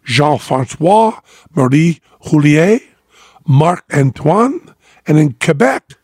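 A man's voice: a little high, big pitch swings, a little slow, gravelly, slightly rough, no room sound, studio quality. A man hosting a podcast, chatting casually and joking, often laughing and hamming up a French accent. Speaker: podcast host. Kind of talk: casual chat.

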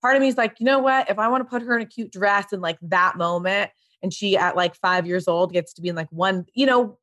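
A woman's voice: medium pitch, brisk, no echo. Chatty woman with a very dry close sound. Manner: chatty, many fillers, animated quoting voices. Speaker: podcast guest. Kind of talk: casual chat.

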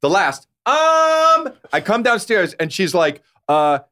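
Podcast co-host, man, lively pitch, slightly high, animated storyteller acting out quotes. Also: moderate pace. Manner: animated, acts out quotes in other voices. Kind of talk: casual storytelling chat.

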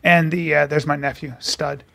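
A man in middle age tells a comic story with plenty of profanity. His voice sits high and has a rough, gravelly edge. He keeps it animated and acts out every person in the tale. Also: normal speed. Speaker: podcast co-host. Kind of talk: casual comedic storytelling.

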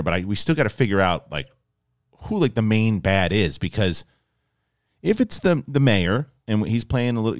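A man's voice: fairly low pitch, no room sound, studio quality. A man hosting a casual spoken review, talking animatedly with many restarts and acting out characters' lines. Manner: animated, repeats and restarts words, mimics characters. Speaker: review show host.

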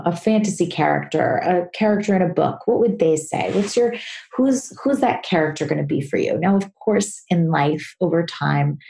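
A woman's voice: low-pitched, gravelly, warm tone, echoey room. A woman hosting a parenting podcast. She talks through listener questions one by one in an earnest, explaining way and acts out short examples as she goes. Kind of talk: solo advice talk.

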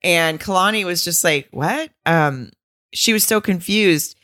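Low-voiced woman podcast co-host. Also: unhurried, bright, forceful tone, no echo, studio quality. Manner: laughs often, retells scenes with quoted voices. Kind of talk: casual chat.

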